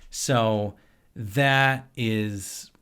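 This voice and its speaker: A man from Wisconsin, a filmmaker and actor, chatting as a podcast guest in a relaxed, rambling storytelling way. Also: fairly low pitch, very slow, clear, resonant tone. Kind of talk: casual conversation.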